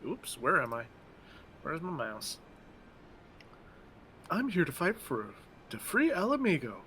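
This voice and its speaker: A man voicing an earnest young half-blood rebel recruit, reading game dialogue aloud with halting delivery. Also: fairly high pitch, wildly swooping pitch, bright, forceful tone, slight background noise, voice pushed up, heavily acted. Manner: halting, laughs through lines.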